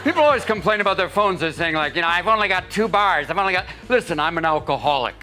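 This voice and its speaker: A man performing stand-up comedy at a rapid-fire pace, snapping into shouted character voices. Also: high voice, lively intonation. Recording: live show with loud crowd and noise.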